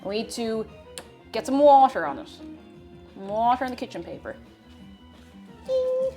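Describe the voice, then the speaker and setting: Lively woman chatting while cooking. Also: fairly high pitch, measured pace, faint music behind. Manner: chatty, greets viewers, laughs at herself. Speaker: streamer. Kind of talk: casual chat while cooking on a livestream.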